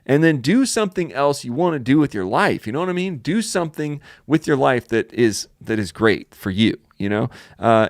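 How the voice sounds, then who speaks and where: A man's voice: mid-range voice, no echo, clean studio sound. A man, a piano tuner, hosting a casual webinar to sell his course, rambling along with lots of fillers and restarts. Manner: rambling, filler-heavy, with many restarts and "you know, like".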